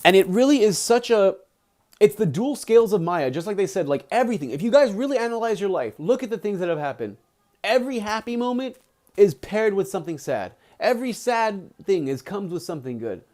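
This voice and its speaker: Excitable young man retelling a story. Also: brisk. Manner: animated, excitable, acts out quotes with big pitch jumps; many fillers like "he's like". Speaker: streamer reading a book aloud. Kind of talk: casual retelling of a book on a livestream.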